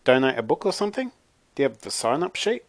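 A man's voice: medium pitch, moderate pace, slightly rough, no room sound. A man playing an eager, popular teen boy. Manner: eager and excited.

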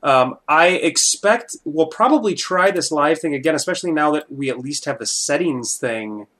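A man hosting a casual podcast, sarcastic and deadpan with his co-host. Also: fairly high pitch, moderate pace.

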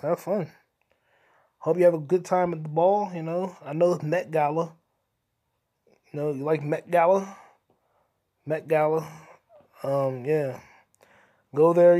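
A man's voice: a little high, dark tone. A man hosting an improvised comedy podcast, rambling and swearing. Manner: rambling, profane, absurd. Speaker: podcast host.

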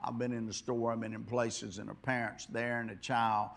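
A man preaching a sermon, rambling and repeating himself, dropping to quiet asides and then rising to loud exhortation. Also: mid-range voice, little pitch movement, moderate pace, vocal fry, slight background noise. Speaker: pastor.

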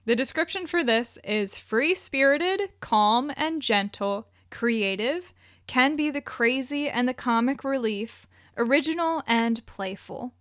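A woman's voice: high-pitched, lively intonation, measured pace, fairly bright tone, no echo, clean studio sound. A woman co-hosting a casual podcast chat, reading out descriptions with wry asides and frequent laughs. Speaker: podcast co-host.

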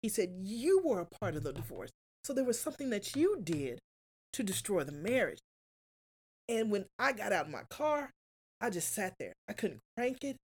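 Woman, confessional, close to tears, mid-pitched voice. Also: big pitch swings, normal speed, breathy edge. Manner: earnest, confessional, often quotes herself. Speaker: guest. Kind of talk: emotional personal story.

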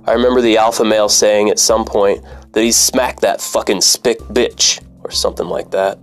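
Brief: low-pitched male storyteller, wry and profane, faint music underneath. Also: steady tone, normal speed. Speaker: former cab driver. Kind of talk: personal story narration.

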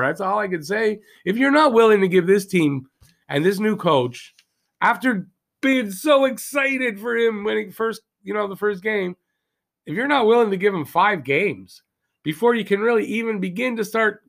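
High-voiced, gravelly ranting podcast man. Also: fairly bright tone. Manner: heated, ranting, rhetorical questions to listeners. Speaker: podcast host. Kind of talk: solo hockey rant. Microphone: podcast mic, also filmed for video.

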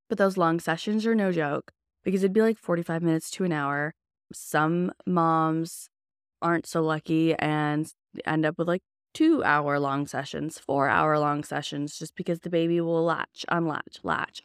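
Young woman, podcast host, casual storytelling, candid and chatty, slightly low voice. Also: no echo, clean studio sound. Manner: candid, chatty, lots of "like" fillers.

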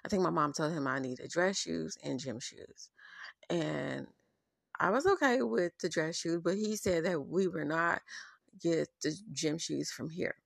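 A woman's voice: sits low, animated, unhurried, creaky, dry recording, clean studio sound. A woman podcast host telling a personal story in a candid, profane, openly angry way.

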